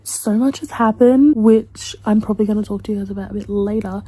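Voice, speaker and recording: A young woman in a casual reading vlog, chatty and expressive, talking straight to her viewers. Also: mid-range voice, brisk, slightly rough, dry recording, rough recording. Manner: chatty, expressive, swings into loud distressed reactions. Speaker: book vlogger.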